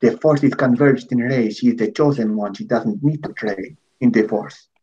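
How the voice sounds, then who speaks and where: A man's voice: medium pitch, moderate pace, warm tone, slightly rough, highs cut off, lightly acted. A man voicing a stubborn online fan with a mock Latin American accent, insisting on the same point over and over with a whiny repetition. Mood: insistent.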